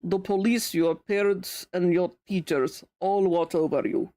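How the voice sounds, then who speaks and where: A woman streamer voicing a male police officer in a game, with a put-on Russian accent and a slow, lecturing delivery. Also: high voice, steady tone, warm tone, pitched below the performer's own voice.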